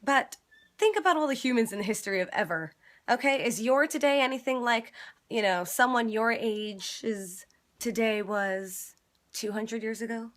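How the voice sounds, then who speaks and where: Chatty, passionate woman with a high-ish voice. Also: normal speed, fairly bright tone. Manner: chatty, swears, builds to passionate emphasis. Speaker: comedian vlogger. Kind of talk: casual bedtime vlog monologue. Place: her bedroom.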